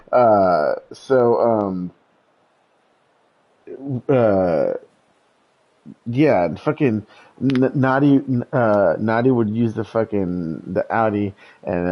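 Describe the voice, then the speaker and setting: A man's voice: fairly low pitch, muffled recording. A young man telling a story in casual chat, rambling and profane, with lots of stammered restarts. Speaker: podcast host telling a story.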